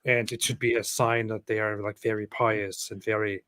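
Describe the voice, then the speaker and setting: A man's voice: fairly low pitch, flat delivery, normal speed, bright, forceful tone, no room sound, clean studio sound. Wry man hosting a livestream. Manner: wry, sarcastic asides. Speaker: host. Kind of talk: casual livestream chat, reading news aloud.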